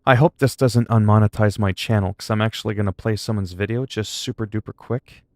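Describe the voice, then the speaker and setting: A man's voice: on the low side, steady tone, a little fast, a little mellow, dry recording, clean studio sound. A man chatting casually on a game livestream, rambling and swearing freely. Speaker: game streamer.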